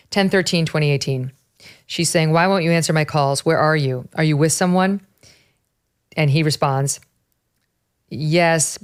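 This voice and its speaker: A middle-aged woman hosting a talk show, reading documents aloud and breaking off for pointed, incredulous asides. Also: sits low. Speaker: show host.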